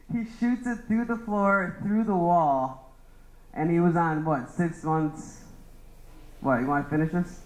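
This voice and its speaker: A man's voice: on the high side, echoey room, slight background noise, rough recording. A young man doing a rambling stand-up roast of his friends, laughing at his own jokes. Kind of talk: open-mic roast set.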